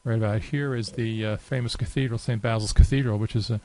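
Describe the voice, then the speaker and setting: A man presenting a software demonstration, talking casually and unhurriedly with frequent filler pauses as he walks through the screen. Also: lowish voice, steady tone, poor audio. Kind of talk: unscripted screen-share walkthrough.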